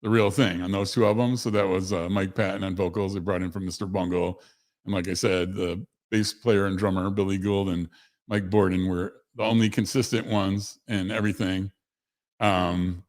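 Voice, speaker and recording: A man hosting a casual livestream, rambling conversationally with self-corrections and answering chat messages. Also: sits low. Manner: reads chat messages aloud to viewers. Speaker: host of a livestream show.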